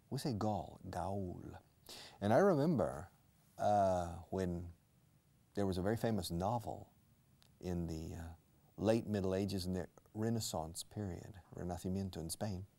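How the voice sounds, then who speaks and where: A man's voice: sits low, creaky, mellow. A man teaching English in a live-streamed lesson, explaining words and dropping into Spanish asides.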